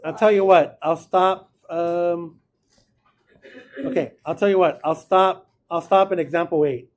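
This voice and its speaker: A man's voice: high-pitched, a little slow. A man teaching a math class, casual and encouraging, talking through each step aloud. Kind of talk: classroom lecture.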